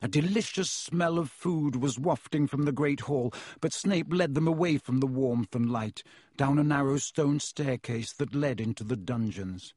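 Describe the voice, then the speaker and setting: Husky male audiobook narrator. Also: mid-range voice, no echo, clean studio sound. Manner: measured, expressive reading. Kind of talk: storybook reading.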